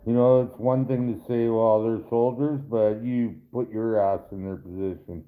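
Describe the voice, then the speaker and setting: The host of this live stream has a lowish, steady voice and a moderate pace. He reads viewer comments and replies to them directly in a rambling, profane, casual way, with tinny phone-like sound.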